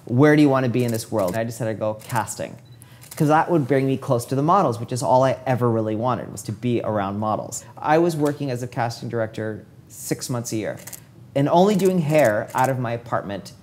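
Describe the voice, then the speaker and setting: A man's voice: mid-range voice, fairly quick, a little hiss or hum. A man in his forties, a hair stylist telling his career story in a casual interview, acting out what people said along the way. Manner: lively storyteller who acts out quoted dialogue.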